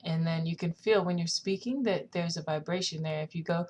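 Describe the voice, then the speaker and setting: A woman's voice: fairly low pitch, steady tone, fast talker, hardly any pauses. A young woman teaching a singing lesson, explaining technique and singing short lines to demonstrate. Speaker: vocal coach.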